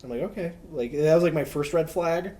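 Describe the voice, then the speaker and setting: A man's voice: fairly high pitch, fairly quick, warm tone. A young man co-hosting a podcast, telling rambling stories in casual chat, heavy on fillers like "like". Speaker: podcast co-host.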